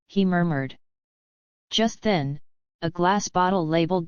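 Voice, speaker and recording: A woman telling a bedtime story in a calm, even way, recorded dull and lo-fi. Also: lowish voice, unhurried, smooth, no room sound.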